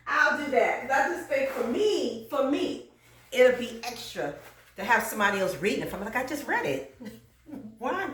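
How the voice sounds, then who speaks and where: A woman's voice: sits high, animated, normal speed, sharp tone, distant mic. Chatty woman cleaning her kitchen, goes up and down a lot, laughs, bit of room echo. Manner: chatty, laughs often, drifts into sung and preaching cadences. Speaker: cooking channel host. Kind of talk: casual chat while cleaning. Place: home kitchen.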